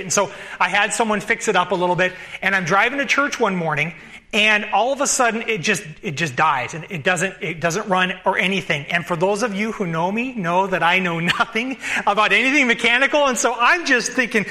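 A man's voice: high-pitched, brisk, pushed and bright. A man pastor preaching a sermon in a conversational storytelling manner.

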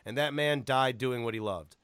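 A man hosting a podcast in casual chat, excitable and joking, swearing freely. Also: medium pitch, normal speed, smooth, no echo, studio quality. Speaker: podcast host.

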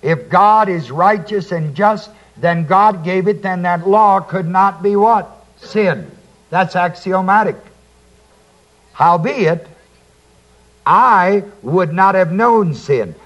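A preacher with a high, fairly bright voice, heard through dull audio, reads a Bible passage aloud verse by verse and then explains each part. He proceeds slowly and deliberately, asking listeners to fill in key words.

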